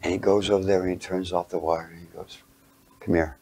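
A man giving a sermon through a childhood story, animated, sometimes dropping to a near whisper and putting rhetorical questions to his listeners. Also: low voice, fast, breathy edge. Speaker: speaker.

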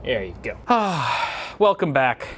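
A man, a tech video host, chatting casually to himself while he works, joking, sometimes loud and excited and sometimes muttering low. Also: slow pace, a little hiss or hum. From United States. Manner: chatty, self-talking, jokey, swings between loud excitement and muttering. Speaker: tech YouTuber. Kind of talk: casual vlog narration while working. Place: small studio office.

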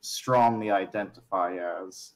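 A man playing a fighting game with friends, making dry, low-key teasing jokes in casual banter. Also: steady tone, slow pace. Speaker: gamer.

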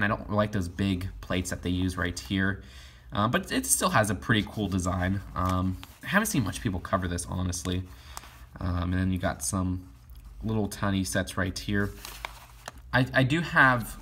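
A man's voice: sits low, a bit bright, a little hiss or hum. A young man casually reviewing toy catalogs in a rambling way, with lots of fillers and restarts. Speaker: toy collector vlogger.

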